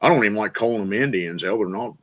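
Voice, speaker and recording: A man's voice: on the low side, quick pace, a crowd in the background. A man chatting on a livestream, blunt and profane, getting heated as he talks. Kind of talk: casual chat.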